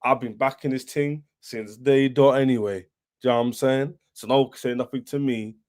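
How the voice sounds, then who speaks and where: A man's voice: mid-range voice, steady tone, normal speed, darkish tone. Boastful young man ranting. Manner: boastful, repetitive, taunting. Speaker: football fan livestream host. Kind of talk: livestream rant.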